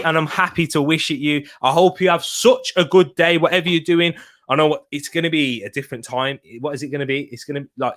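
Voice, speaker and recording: A man hosting a football watch-along live stream, chatting casually, reading out viewers' messages and shouting excitedly when a goal goes in. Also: medium pitch. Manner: chatty, reads chat aloud, bursts into shouting at goals.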